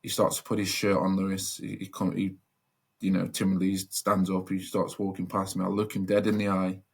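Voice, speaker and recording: A man's voice: sits low, completely flat delivery, fairly quick, creaky, husky. A young man telling a personal story as a podcast guest, earnest and reflective, with many fillers and restarts.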